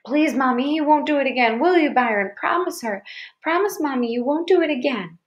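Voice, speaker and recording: A woman's voice: expressive, fairly quick. A woman voicing a frightened little girl who pleads in tears. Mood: pleading. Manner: high and pleading. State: sobbing.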